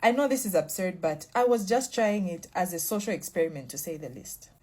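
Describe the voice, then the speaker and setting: A woman tells a storytime in a casual, confessional monologue. Her voice is dark and a little husky, and she stays matter-of-fact throughout. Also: lowish voice, expressive, brisk.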